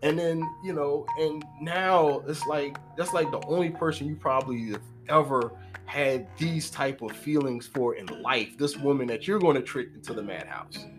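A man's voice: on the high side, moderate pace. A man casually retelling a movie plot in a rambling, profane way, packed with fillers and acted-out character lines, with music underneath. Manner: rambling, profane, full of "like" and "you know"; acts out characters' lines mid-story. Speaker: film reviewer.

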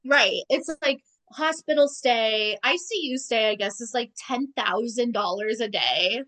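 A woman's voice: fairly high pitch, measured pace, fairly bright tone, low-quality recording. A young woman co-hosting a casual podcast, recapping a TV episode in a chatty, sarcastic way, full of "like". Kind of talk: casual chat.

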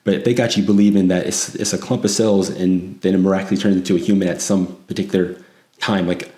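A man's voice: low-pitched, fast, warm tone, roomy sound. A man from California hosting an opinionated commentary monologue, combative and sarcastic, with frequent restarts. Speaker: commentary show host.

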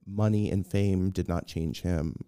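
A man's voice: sits low, steady tone, a little slow, mellow, clean tone, no room sound, studio quality. A man telling a long story in a casual interview, rambling with restarts and acting out what others said. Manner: rambling, many restarts, acts out quoted voices. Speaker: guest, film personal assistant.

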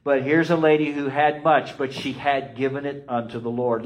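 A man preaching a sermon, emphatic and repetitive, swinging between loud rises and quiet drops. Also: medium pitch, moderate pace, few pauses, rough recording. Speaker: pastor.

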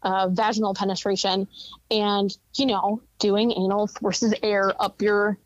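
A woman's voice: medium pitch, little pitch movement, measured pace, no room sound, muffled recording. A woman as a podcast guest, talking frankly and openly with many fillers. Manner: frank and chatty, many "like" and "you know" fillers. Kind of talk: candid podcast interview.

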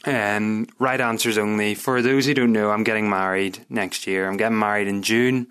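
A man's voice: lowish voice, steady tone, moderate pace, a bit bright, clear, resonant tone. A young man with a Northern Irish accent, hosting a podcast in a rambling, chatty, self-mocking way. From Northern Ireland. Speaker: podcast host. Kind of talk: casual solo podcast chat.

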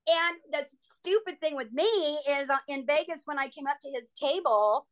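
Excitable woman telling stories as a guest. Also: sits high, normal speed. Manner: excitable, gushing, frequent "like" and "oh my God". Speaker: actress and guest. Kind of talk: casual interview storytelling.

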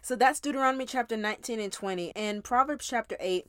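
A woman teacher casually recaps a week's Bible reading, speaking straight to listeners in a conversational, emphatic way. Her voice is fairly high and quick, in a dry, studio-quality recording.

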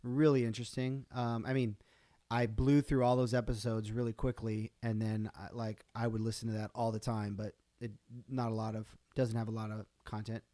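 A man's voice: fairly low pitch, little pitch movement, moderate pace, warm tone, dry recording. A man hosting his own podcast on a live stream, talking casually and rambling with fillers and restarts. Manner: rambling, chatty, self-interrupting with fillers. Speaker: podcast host.

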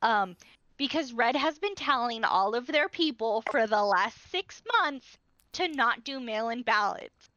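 A woman's voice: on the high side, animated, a little slow, pushed and bright, dry recording, lo-fi sound. A woman from California chatting casually as a podcast co-host, blunt and sarcastic, swearing freely. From California, USA. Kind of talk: casual chat.

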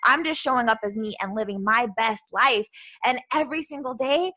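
Bright, a little high and loud, this bubbly woman speaks as a self-love coach on a motivational podcast. Her tone remains earnest and encouraging, and she peppers her talk with quick "right?" tags to check in with listeners.

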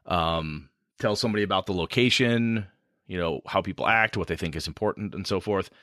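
A man's voice: sits low, a little fast, fairly bright tone, dry recording, clean studio sound. A man talking casually on a podcast about running tabletop games, rambling and self-deprecating.

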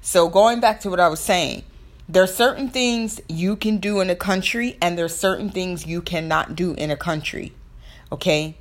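A woman's voice: fairly low pitch, moderate pace. A young woman with a Southern American accent talks casually on her own podcast, rambling with lots of fillers and restarts. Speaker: podcast host. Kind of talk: casual solo podcast talk.

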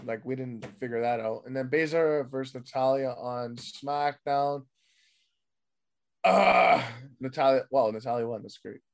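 A man with a voice gone hoarse, casually recapping a wrestling show with a friend, swearing freely and mimicking people in quick bits. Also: mid-range voice, fairly even intonation. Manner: loose, profane, mimics people in quick bits, trails off mumbling. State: losing his voice. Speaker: podcast host recapping wrestling. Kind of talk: casual chat.

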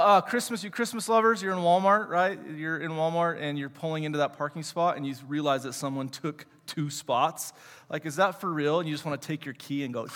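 A man in his thirties gives a casual sermon in a church, his voice sitting high for a man. He jokes, asks the crowd rhetorical questions and fills pauses with "uh." His words ring out with a long hall reverb. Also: sharp tone. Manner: chatty, joking, many fillers and rhetorical questions. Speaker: church teacher. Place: church sanctuary.

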